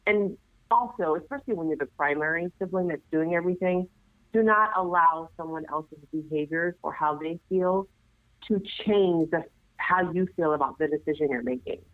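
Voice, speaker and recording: A woman, a nurse guest, giving earnest, animated advice in conversation, often restarting her sentences. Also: fairly low pitch, normal speed, dry recording. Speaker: nurse and assisted living administrator, guest. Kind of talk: conversational interview. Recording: tinny phone line, dry.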